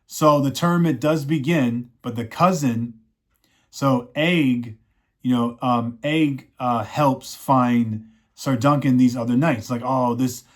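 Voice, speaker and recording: Male reviewer, casual rambling recap, mid pitch, loose delivery with frequent restarts. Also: slow. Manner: rambling, many fillers and restarts, acts out quotes. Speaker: show reviewer.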